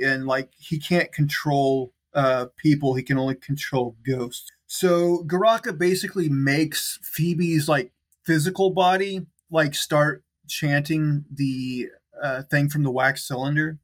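A man's voice: a little high, measured pace. Chatty man recapping a movie. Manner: rambling, lots of "like" and "um" fillers, laughs easily. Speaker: podcast co-host recapping a film. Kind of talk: casual chat.

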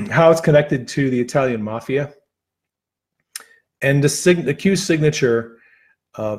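A man hosting a casual livestream and chatting to his viewers in a rambling, halting way, full of fillers and restarts. He is losing his voice after an hour of talking. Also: medium pitch. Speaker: livestream host.

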